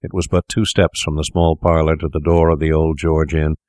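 A man narrating a classic story aloud in a measured, formal storytelling manner. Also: very deep voice, flat delivery, a little mellow, no echo. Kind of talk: audiobook narration.

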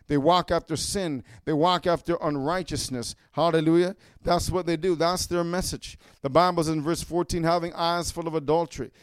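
A man preaching a fiery sermon, punctuating his points with "amen?" and building to shouts. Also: a little high, clean tone, no room sound, studio quality.

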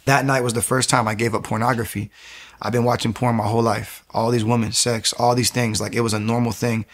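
A young man with a gravelly, fry-laced voice recounts his testimony with animated energy. He repeats phrases for emphasis and slips into other people's voices as he tells his story. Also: medium pitch, brisk. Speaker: guest giving a testimony. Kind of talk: emotional personal testimony.

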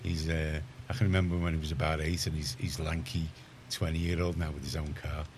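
Liverpool man, radio host, very low voice, rambling chatty talk with faint background hiss. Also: little pitch movement, fairly quick. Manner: rambling, chatty, many restarts. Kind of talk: casual studio chat. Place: community radio studio.

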